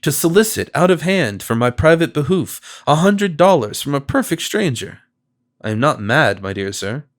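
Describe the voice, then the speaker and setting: A man voicing a solicitous male stranger, a confidence man who talks in a gentle, persuasive and flattering way. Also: a little high, normal speed.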